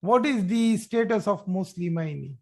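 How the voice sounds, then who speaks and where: A man's voice: high-pitched, animated, moderate pace, darkish tone. A man teaching a grammar class online, repeating each phrase and praising students' answers. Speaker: Arabic teacher.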